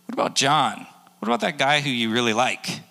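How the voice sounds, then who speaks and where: A man's voice: medium pitch, big pitch swings, brisk, gravelly, pushed and bright, full character voice. A man in his forties voicing an awkward, evasive fisherman disciple during a sermon. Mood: needling. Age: 40s. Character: hesitant, awkward grown male fisherman disciple. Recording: long echo of a large hall.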